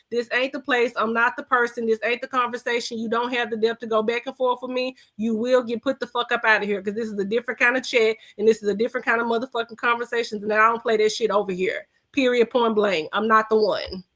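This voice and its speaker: A woman hosts a podcast, tearing into someone in a heated reaction rant. Her voice sits a little high, and she speaks bluntly, with heavy profanity and a scolding edge. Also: fast, few pauses, bright, forceful tone. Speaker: podcast host.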